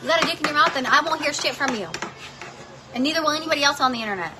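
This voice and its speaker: A woman's voice: sits high, very fast, background noise. A woman talking casually in her home kitchen while cooking with her child, blunt and heated, swearing freely. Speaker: parent vlogger.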